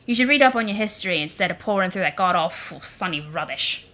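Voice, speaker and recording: A woman's voice: fairly low pitch, expressive, fast, bright, forceful tone. A cocky young male troll , put on by a woman reader, speaks in a mangled British accent that leans vaguely Liverpool or Cockney. He swaggers, sneers and swears through every line. He sounds like a brash, self-important prince from a webcomic. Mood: sneering.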